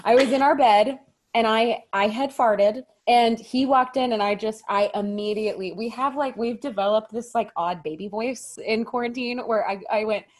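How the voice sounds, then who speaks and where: A young woman, a podcast guest on a video call, telling funny stories in a casual, animated way. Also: a little high, moderate pace. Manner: animated storyteller, puts on silly voices. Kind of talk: casual chat.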